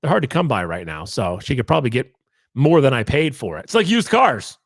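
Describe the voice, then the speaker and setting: A man's voice: mid-range voice, sing-song, brisk, no echo, clean studio sound. A man hosting his own podcast, telling a story in a rambling, jokey, self-deprecating way. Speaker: podcast host. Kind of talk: casual solo podcast storytelling.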